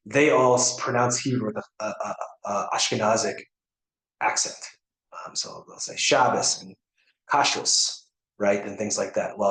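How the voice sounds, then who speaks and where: An American man, a rabbi, teaching a class in a casual way, with many fillers and restarts and frequent checks on his students. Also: lowish voice. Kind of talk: informal class lecture. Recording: echoey room.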